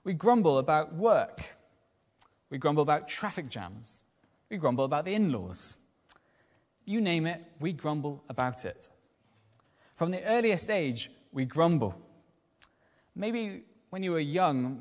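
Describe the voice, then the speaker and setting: A man giving a lively evening sermon as a lay preacher, using rhetorical questions and repetition. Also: on the high side, normal speed, long reverb tail. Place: church.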